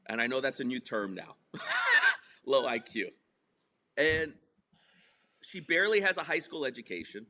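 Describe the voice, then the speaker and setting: A man's voice: mid-range voice, lively intonation, unhurried, long pauses, bright, forceful tone. A middle-aged man from New Jersey telling a story in a casual interview, emphatic and profane. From New Jersey / New York. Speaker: podcast guest.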